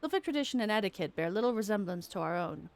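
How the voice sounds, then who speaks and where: A woman's voice: medium pitch, expressive, fast, natural voice. A woman reading a stern game commander. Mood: grave. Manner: formal, old-fashioned read dialogue. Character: stern military commander, formal and measured.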